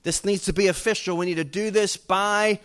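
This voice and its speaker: A male pastor, preaching a sermon in a conversational way that rises to loud, emphatic bursts. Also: high voice, fairly even intonation, normal speed.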